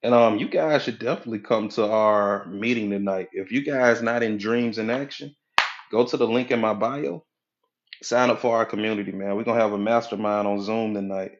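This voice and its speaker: A man with a fairly low voice talks casually on a live stream, greeting viewers by name and repeating points for emphasis. He coaches on mindset and pitches his community in a steady, fairly quick tone. The audio is dull and lo-fi.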